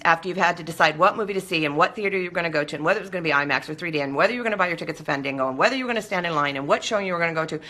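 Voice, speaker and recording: Bright-voiced woman host. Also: lowish voice. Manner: animated, acts out quoted voices. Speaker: talk show host. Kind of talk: casual monologue to viewers.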